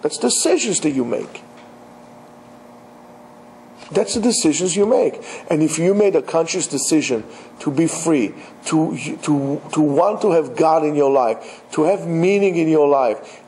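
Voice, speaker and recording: A man's voice: a little high, lively intonation, normal speed, vocal fry, dark tone, low-quality recording. A man, a rabbi, giving an emphatic religious lecture and speaking straight to his listeners with rhetorical questions. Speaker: rabbi teaching.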